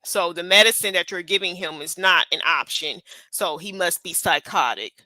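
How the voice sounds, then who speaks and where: Sarcastic woman with a bright voice. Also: fairly low pitch, moderate pace, dry recording, poor audio. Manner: sarcastic, blunt, swears. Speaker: live-stream host reacting to a video. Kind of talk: reaction commentary.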